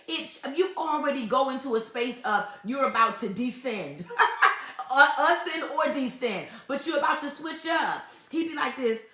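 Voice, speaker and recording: A woman's voice: sits high, animated, moderate pace, bright, forceful tone, roomy sound. A woman hosting a casual faith-based talk on relationships, emphatic and repetitive, often laughing as she makes her points. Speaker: host giving relationship advice.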